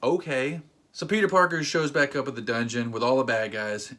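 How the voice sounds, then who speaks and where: A man ranting sarcastically in a casual movie review, acting out quotes in mocking voices. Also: moderate pace. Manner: animated, emphatic with sudden jumps in pitch.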